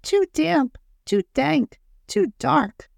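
A man voicing a tiny, fussy male mouse in a storybook reading, with a high squeaky voice. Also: big pitch swings, drawn-out words, creaky, no room sound, studio quality, exaggerated voice.

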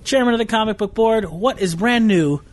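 A man hosting a casual podcast, bubbly and quick to laugh, plugging the shop and steering the chat. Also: sits high. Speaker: podcast host.

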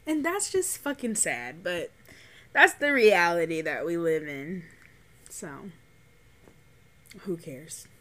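Bright-voiced young woman chatting. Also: fairly low pitch, slow, long pauses. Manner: animated storytelling, swears freely. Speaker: podcast co-host. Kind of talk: casual chat.

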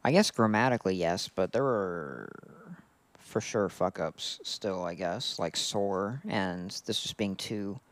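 A man's voice: low-pitched, a little slow. A man co-hosting a podcast, chatting casually and reading fan fiction aloud while often laughing. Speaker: podcast co-host.

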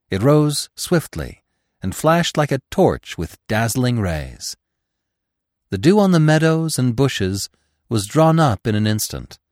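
A man narrating a classic novel in a measured, expressive storytelling voice. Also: fairly low pitch, no room sound, studio quality.

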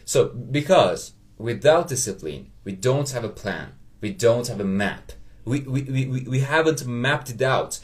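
A man with a Persian accent, a native Persian speaker, hosting a motivational solo podcast in English, earnest and halting, often checking in with "okay?". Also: mid-range voice, lively intonation. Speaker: podcast host.

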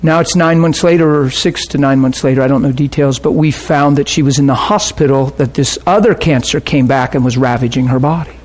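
A middle-aged man preaching and telling a story as a pastor, animated, jumping into shouts when he gets worked up. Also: mid-range voice, brisk, hardly any pauses. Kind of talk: sermon storytelling.

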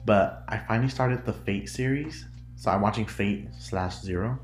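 In a roomy-sounding recording, a podcast host from the United States talks casually by himself, wandering off topic, giggling and interrupting his own sentences. The voice is medium-pitched at normal speed.

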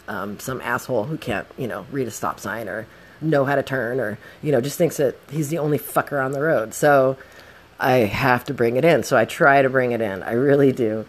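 A young woman telling a casual story full of swearing, acting out the shouting. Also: low voice, fairly quick. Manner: profane, animated, acts out the shouting.

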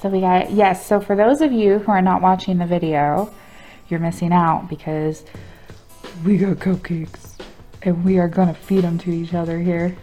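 A woman's voice: on the low side, fairly even intonation, normal speed, mellow, soft background music. A woman co-hosting a podcast, chatting casually and playfully and laughing often. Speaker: podcast co-host. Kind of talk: casual chat.

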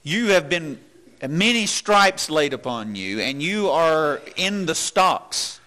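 A man preaches a sermon in a slightly high, bright, forceful voice, with a sing-song quality and a slow pace. Earnest and questioning, he restarts often and drops low when acting out doubtful thoughts.

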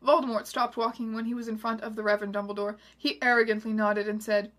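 Wry young woman reading aloud. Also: fairly high pitch. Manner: wry, animated, quick asides. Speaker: host reading a story aloud. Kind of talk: comedic dramatic reading with commentary.

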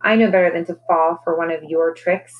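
A woman's voice: lowish voice, fairly even intonation, a little fast, narrow, tinny audio, natural voice. A woman doing a cold, scornful villainess. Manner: scornful and self-certain. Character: bold cold female villain bird trainer.

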